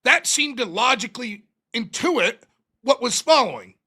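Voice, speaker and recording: A man's voice: extremely high pitch, breathy edge. A man hosting a live call-in stream, talking casually and animatedly, often sounding exasperated and mocking. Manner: animated, exasperated, quick to mock. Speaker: livestream host.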